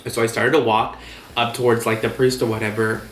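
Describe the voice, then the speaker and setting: A young man telling a story in a casual vlog, animated and profane, acting out the quotes. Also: mid-range voice, brisk, reverberant, slight background noise. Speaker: vlogger.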